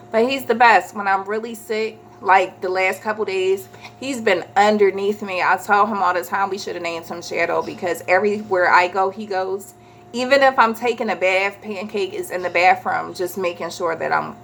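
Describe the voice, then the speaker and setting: A woman, chatting casually as a vlogger and telling a story with animated quoted voices. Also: mid-range voice, vocal fry, slight background noise.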